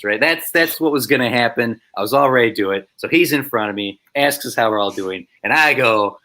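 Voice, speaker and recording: A man's voice: mid-range voice, brisk, few pauses. A man, a filmmaker guest on a podcast, telling a funny story in a casual way and acting out the voices of the people in it. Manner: animated storyteller, acts out voices.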